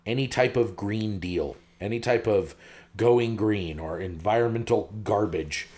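Playful podcast co-host man, lowish voice. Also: unhurried, darkish tone. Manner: playful, punning, laughs along. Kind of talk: casual chat.

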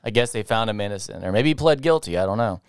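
Low-ish guy rambling through work stories, smooth voice, laughs a lot. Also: lively intonation, quick pace, dry recording, clean studio sound. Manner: rambling, jokey storytelling with frequent laughs. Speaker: podcast co-host. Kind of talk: casual chat.

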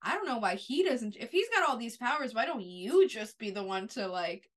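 A woman co-hosting a podcast, chatting casually about a TV episode in a relaxed, agreeable way with lots of fillers. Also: on the high side, normal speed. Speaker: podcast co-host. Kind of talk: casual TV recap chat.

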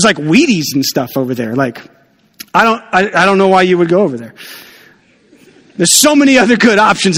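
A man preaching a sermon in a church, chatty and animated with jokey asides. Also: sits high, brisk, breathy edge, big-room sound. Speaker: pastor.

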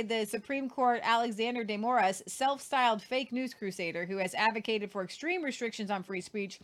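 A woman co-hosting a casual news commentary show, reading stories aloud and breaking in with sarcastic asides. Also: a little high.

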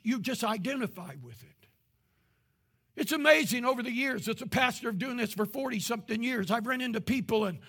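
A man, preaching a sermon as pastor with impassioned rises into shouting. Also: very high-pitched, brisk.

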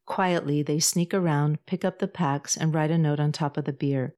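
Calm, low-voiced woman narrator for a podcast storybook. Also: moderate pace, hardly any pauses. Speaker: author and podcast host.

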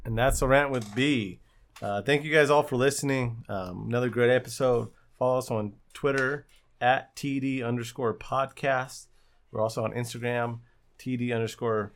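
A man's voice: medium pitch, steady tone, moderate pace. A man hosting a casual sports podcast, talking betting picks in a loose, filler-heavy way and reading the show's sign-off. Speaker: podcast host.

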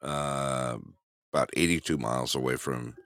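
A man's voice: extremely low pitch, steady tone, moderate pace, a bit bright, clean tone, dry recording, clean studio sound. A man co-hosting a show in rambling, jokey casual chat while camping in remote Alaska. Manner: rambling, jokey, laughs often. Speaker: co-host.

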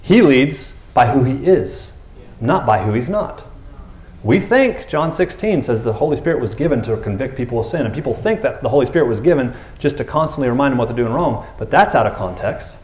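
A man's voice: mid-range voice, brisk, echoey room. A man preaching a sermon as pastor, telling the story in a casual, joking way and acting out the characters' lines. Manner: animated, jokey storytelling with acted-out dialogue. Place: church.

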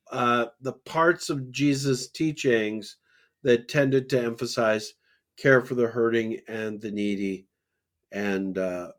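A man co-hosting a religious discussion podcast, talking in a halting way with many fillers and restarts. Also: medium pitch. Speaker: podcast co-host.

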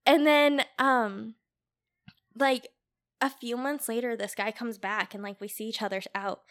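Woman podcast guest, bright and a touch high, chatty storyteller with lots of "like". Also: fairly even intonation, a little slow. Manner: chatty storyteller, frequent "like" fillers, laughs easily. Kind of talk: casual podcast chat.

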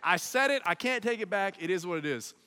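Animated man telling a story in a hall. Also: sits high, fairly quick, smooth. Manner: animated, keeps checking in with "okay?" and "right?". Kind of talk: comic personal story told to an audience.

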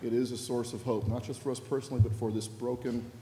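A middle-aged male pastor delivers a sermon with a mellow, warm tone, weaving personal stories into a reflective message. His voice rings out in a large church sanctuary with a long reverb tail and a faint hum of room ambience. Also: mid-range voice, little pitch movement, fast talker.

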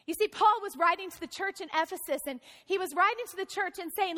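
A woman's voice: very high-pitched, quick pace, hardly any pauses, fairly bright tone, big-room sound. A woman pastor preaching a sermon in a conversational way, asking the congregation questions.

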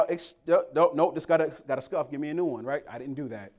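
Brief: young male preacher from Boston, lively storytelling sermon, slightly high voice. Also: fast, few pauses. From Boston, Massachusetts. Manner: animated, playful, acts out quoted voices.

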